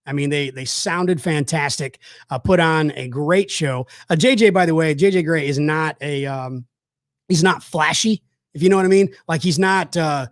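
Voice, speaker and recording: A man's voice: on the high side, moderate pace, no echo, clean studio sound. A man hosting a casual chat, telling rambling, enthusiastic stories with lots of fillers. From South Georgia, USA. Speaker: host.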